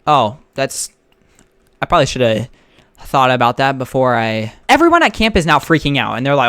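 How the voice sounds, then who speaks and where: A man's voice: medium pitch, animated, a little fast, fairly bright tone, no room sound, clean studio sound. A young man casually telling a rambling story while playing a game and reacting to it. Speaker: gaming storyteller. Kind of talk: casual storytime over gameplay.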